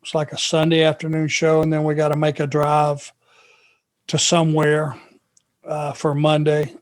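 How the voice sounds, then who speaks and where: A man from Georgia, co-hosting a podcast and telling a long anecdote in an unhurried, drawn-out way. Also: fairly high pitch, completely flat delivery. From Georgia, USA. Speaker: podcast co-host. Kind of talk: casual storytelling chat.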